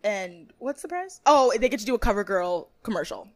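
Speaking briskly at a medium pitch, this young podcast co-host chats casually through a reality show recap. Her delivery is lively, full of laughter, rants, curse words, and mimicked voices.

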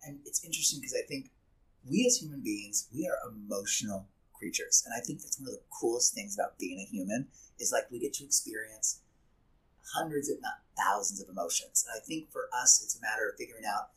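Man, teacher type, casual podcast talk, animated, acts out quotes. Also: on the low side, brisk, low-quality recording.

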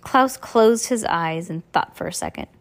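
Woman reading a kids book out loud, plain steady voice, few slips. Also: lowish voice, a little slow, vocal fry. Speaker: audiobook reader. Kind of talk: reading a novel aloud.

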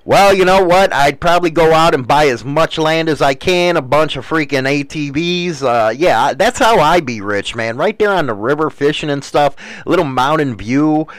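Male host, casual rambling talk, rough language, smooth clear voice, dry close sound. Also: a little high, expressive, normal speed, hardly any pauses, no room sound, poor audio. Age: adult, married. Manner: rambling, profane, many fillers and "man".

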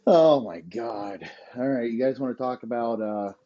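A man's voice: medium pitch, moderate pace, dark tone, highs cut off. A man hosting a podcast, ranting in crude, rambling riffs and laughing at his own jokes. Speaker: podcast host. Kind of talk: profane comedic rant.

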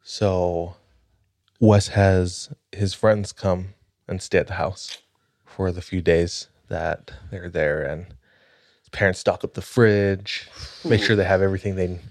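A man hosting a podcast, telling a spooky story in a measured, suspenseful way. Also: deep voice, fairly even intonation, dry recording, studio quality. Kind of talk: casual storytelling.

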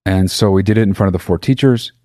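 A man with a fairly low voice tells a comedic story, swearing freely and stopping to correct himself as he goes. His tone is sarcastic and self-mocking. The sound is dry and close. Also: fast talker, dark tone, no echo. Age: adult. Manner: profane, sarcastic, rambling with self-interruptions.

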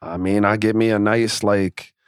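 A man's voice: on the low side, level tone, normal speed, clear, resonant tone, no echo, clean studio sound. A man in his forties co-hosting a podcast in casual chat, laid-back and profane, telling stories at an easy pace. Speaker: podcast co-host.

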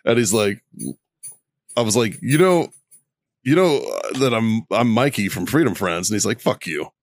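A man co-hosting a podcast tells stories with plenty of swearing. He acts out both sides of his phone calls in a fairly low voice. The sound is dry and close to the mic. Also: animated, moderate pace, dry recording. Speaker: podcast co-host. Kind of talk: casual chat.

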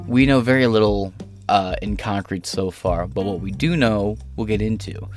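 A man's voice: on the low side, normal speed, soft background music. A man hosting an online political commentary show, reading news articles aloud and breaking off into rambling, profane, sarcastic asides.

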